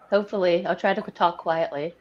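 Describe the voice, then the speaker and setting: A woman co-hosting a casual live stream, cheerful and giggly, making quick asides. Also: lowish voice, steady tone, dull audio. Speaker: co-host.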